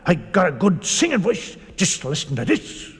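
A man's voice: high voice, wildly swooping pitch, normal speed, breathy edge, exaggerated voice. A man voicing a chatty, playful little male mouse in a storybook. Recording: reverberant with music behind.

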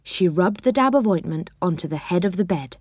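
A woman reading a children's story aloud, expressive and unhurried. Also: lowish voice, dry recording.

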